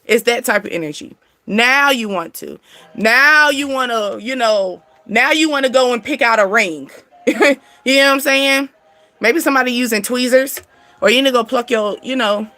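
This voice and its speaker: Woman doing a spiritual reading for her channel, high-ish bright voice, laughs a lot, slangy and chatty. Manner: chatty, laughing, slangy, addresses viewers directly. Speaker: spiritual reader and channel host. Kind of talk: casual spiritual reading to viewers.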